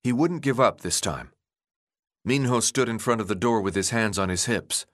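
A man narrating an audiobook in an expressive, energetic reading. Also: fairly low pitch, moderate pace, dry recording, studio quality.

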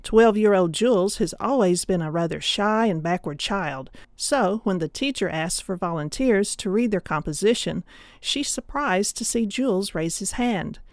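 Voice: medium pitch, animated, moderate pace, no echo, clean studio sound. An audiobook presenter giving a friendly, informative overview of a story collection. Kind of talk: promotional overview.

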